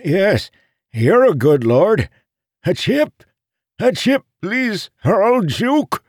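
A greedy old beggar with a wet lisp, wheedling and pleading for a coin in a squeaky, frantic voice. His pitch leaps and wobbles all over the place. The recording is dry and close. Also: big pitch swings, very slow, darkish tone, dry recording, heavily acted. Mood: frantic begging. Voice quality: lisping. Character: wheedling eager old male street beggars.

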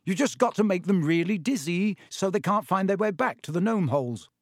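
Cheeky teenage boys, lively and teasing, as a narrator voices them. The voice lifts higher and brighter with excitement. It is recorded close and dry. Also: male voice, fairly quick, no echo.

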